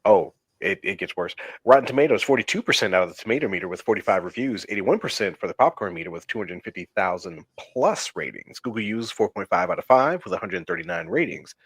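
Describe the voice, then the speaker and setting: Man with a lively, bouncing voice. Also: lowish voice, fast, gravelly, few pauses, breathy edge. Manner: reads out film facts and ratings, wry reactions. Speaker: podcast co-host. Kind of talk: casual chat.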